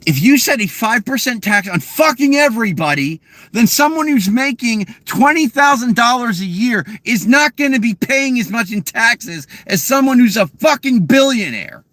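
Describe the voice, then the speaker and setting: A man's voice: very high voice, sing-song, normal speed, no room sound. Profane, heated man ranting in a car. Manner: profane, heated, swings loud and quiet. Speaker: vlogger answering chat questions. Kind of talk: angry rant answering live chat.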